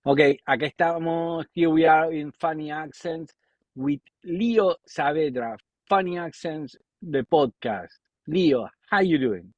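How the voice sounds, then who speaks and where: A man's voice: a little high, a little slow, no room sound, highs cut off. A man with an Argentine accent, speaking English as a second language, hosting a casual podcast interview and often restarting his sentences as he searches for words. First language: Spanish. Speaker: podcast host.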